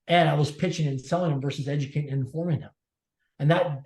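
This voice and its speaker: A man's voice: fairly high pitch, warm tone. A man telling a personal story as a podcast guest, emphatic and repeating his key phrases. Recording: echoey room.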